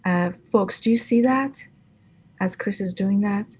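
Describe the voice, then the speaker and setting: A woman instructor giving live design critique, with encouraging, gently directive feedback. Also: mid-range voice, unhurried, husky.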